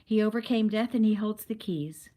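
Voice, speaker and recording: A woman's voice: medium pitch, moderate pace, warm tone, voice pushed up, close to an everyday voice. A woman reading the lines of a joyful woman proclaiming good news.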